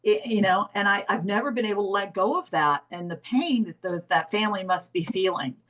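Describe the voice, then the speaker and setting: A middle-aged woman telling her story as a therapy volunteer, tearful, halting and apologetic with many restarts. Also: medium pitch, fairly bright tone, poor audio. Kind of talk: emotional personal account.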